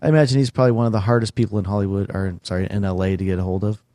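Low-voiced man telling a rambling story. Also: fairly even intonation, very fast, warm tone, no echo. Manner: rambling storyteller with many fillers and restarts. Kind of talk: casual chat.

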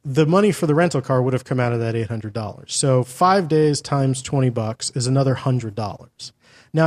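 A man's voice: mid-range voice, darkish tone. A man animatedly retelling a story in casual podcast chat, profane and exasperated.

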